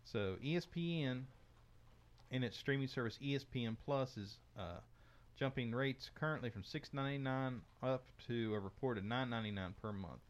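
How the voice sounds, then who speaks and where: A man's voice: mid-range voice, normal speed. A man hosting a casual tech podcast, reading news items aloud with frequent fillers and restarts. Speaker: podcast host.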